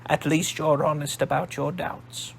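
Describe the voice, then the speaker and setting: A man doing a posh English old woman, imperious and probing, raised high and unhurried, with a gravelly edge. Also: little pitch movement, a little hiss or hum. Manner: slow, probing, commanding.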